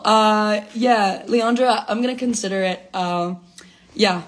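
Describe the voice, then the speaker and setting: A woman's voice: mid-range voice, slow pace, soft background music. A young woman hosting a casual live stream from home, talking in a hyper, rambling, giddy way into her phone. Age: young adult. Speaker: livestream host. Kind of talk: casual livestream chat. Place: at home, alone.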